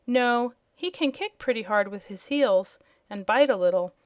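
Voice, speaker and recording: A woman's voice: on the high side, animated, moderate pace, no echo, studio quality, natural voice. A woman voicing a plucky young girl who talks frankly and eagerly in a storybook reading.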